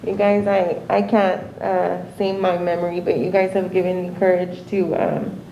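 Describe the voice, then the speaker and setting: A woman's voice: on the low side, flat delivery, moderate pace, echoey room, highs cut off, slight background noise. A mother at a memorial gathering, retelling a text exchange with nervous laughter. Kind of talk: informal memorial tribute.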